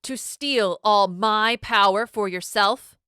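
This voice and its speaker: A woman's voice: mid-range voice, slow, sharp tone, clean tone, no echo, studio quality, pitched above the performer's own voice. A woman voicing a cruel female leader who speaks with false sweetness and hisses in anger. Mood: mocking.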